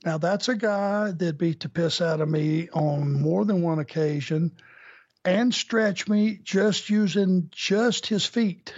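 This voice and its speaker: A man's voice: high voice, slow pace, dry recording, highs cut off. A man speaking as a guest in a casual conversation, answering dryly.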